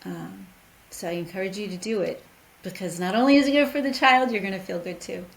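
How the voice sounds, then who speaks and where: A woman's voice: medium pitch, fairly quick, rough recording. A middle-aged woman, a nonprofit leader, speaking as an interview guest in an encouraging way with some fillers. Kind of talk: interview conversation.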